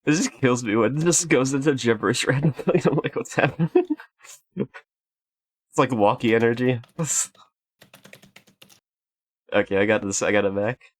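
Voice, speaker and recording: A man's voice: medium pitch, normal speed, long pauses. A man streaming a game, reacting casually and laughing at a clip.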